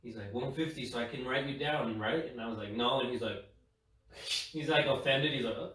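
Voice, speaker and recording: Young guy podcast host, tells stories all animated, does the voices, swears a lot, kinda far off the mic. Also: medium pitch, fairly quick. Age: young adult. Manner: animated storyteller, acts out quotes, swears freely. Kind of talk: casual chat, storytelling. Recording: echoey room, mic at a distance.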